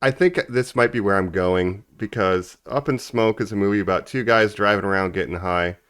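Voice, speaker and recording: Easygoing low-voiced male podcaster. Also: moderate pace, fairly bright tone, clear, resonant tone. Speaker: podcast co-host. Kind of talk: casual podcast chat.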